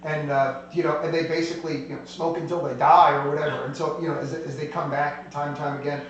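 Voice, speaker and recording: A man's voice: a little high, little pitch movement, fast, highs cut off. A man narrating as a tabletop game master, rambling and heavy on fillers, recorded from a distance in an echoey room with a faint hum.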